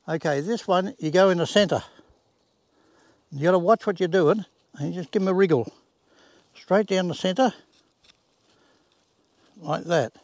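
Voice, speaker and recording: With a high-sitting voice touched by vocal fry and no echo, an Australian man in his 80s walks through his home garden outdoors in a casual demonstration. He's plain-spoken and folksy, leaning on rural expressions.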